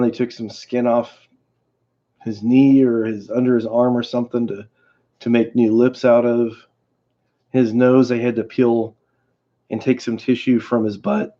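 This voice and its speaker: A man hosting a livestream, telling a story in a casual, rambling way with many halting restarts. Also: medium pitch, warm tone. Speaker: livestream host. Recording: dull lo-fi stream audio.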